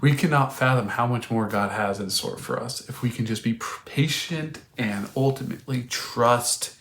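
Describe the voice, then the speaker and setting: An earnest man talks through a spiritual lesson in a loose, rambling way, often restarting his sentences. His voice sits at a middle pitch. The recording has a noticeably roomy echo. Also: normal speed, fairly bright tone. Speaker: podcast co-host. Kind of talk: faith reflection, casual storytelling.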